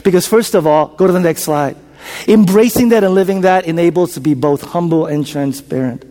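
A male pastor preaching a sermon in a church. He repeats lines, questions the congregation, and swings from loud declarations to hushed whispers. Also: a little high, fairly quick. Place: church sanctuary. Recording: long hall reverb.

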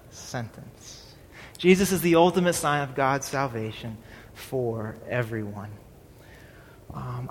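A man's voice: a little high, fairly bright tone. Man preaching in a reverberant hall. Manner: conversational, checks in with the congregation; has the congregation repeat his main point. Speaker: pastor. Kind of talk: sermon. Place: church.

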